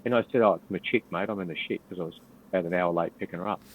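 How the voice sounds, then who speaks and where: A man's voice: low voice, very fast, slightly rough. An older Australian man, a retired police officer, telling a war story as a podcast guest in a blunt, profane, laid-back way. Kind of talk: storytelling in casual interview. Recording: tinny phone-like line.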